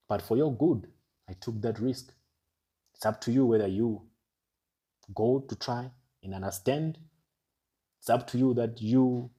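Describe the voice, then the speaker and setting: A man's voice: mid-range voice, warm tone. A man delivering an ominous, emphatic monologue as an online commentator, building urgency through repeated rhetorical phrases. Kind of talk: dramatic monologue.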